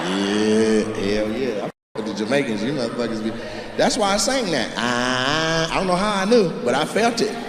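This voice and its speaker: A male comedian working the crowd from a club stage, loud, profane and teasing. His voice sits high and leaps around, delivered at an unhurried pace. The live recording is noisy. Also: roomy sound, long reverb tail. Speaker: stand-up comedian. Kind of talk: stand-up crowd work. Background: audience laughter.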